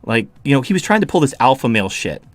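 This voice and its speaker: A man's voice: mid-range voice, big pitch swings, quick pace, no echo. A man hosting a podcast, ranting in a heated, sarcastic and profane way in casual chat. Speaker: podcast host.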